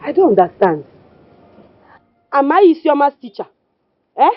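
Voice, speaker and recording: A woman's voice: big pitch swings, a little slow, faint music behind. A Nigerian actress playing a jealous wife who taunts and mocks her husband in a film drama. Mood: defensive. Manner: taunting, mocking, shrill. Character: scolding jealous wife, adult woman. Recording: slightly muffled dry film audio.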